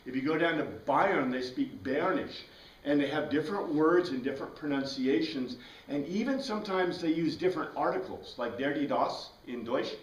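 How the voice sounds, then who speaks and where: A man leads a Bible class in an easy, conversational way, tossing questions to his students as he goes. His voice sits a bit high. He is picked up from across an echoey room. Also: far from the mic. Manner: conversational, asks the class questions, frequent "right?". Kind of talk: informal classroom lecture.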